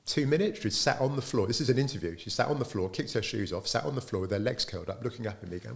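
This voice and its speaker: A man's voice: medium pitch, fast, creaky. A middle-aged man, a business founder, tells anecdotes in an interview and acts out the dialogue in them. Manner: lively storyteller who acts out quoted dialogue.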